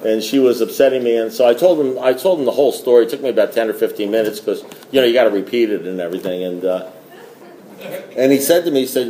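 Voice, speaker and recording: A man with a mellow, darker voice gives a rambling, joking recovery talk. He circles back and repeats his words. The room sounds echoey, with a faint hiss behind him. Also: medium pitch, fast. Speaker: speaker at a recovery meeting.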